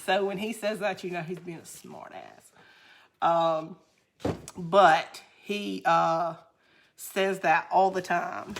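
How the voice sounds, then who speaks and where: A woman's voice: fairly low pitch, steady tone, slow pace, a little hiss or hum. A woman with a Southern US accent hosting a crafting livestream, chatting casually with viewers, reading their comments aloud and laughing often.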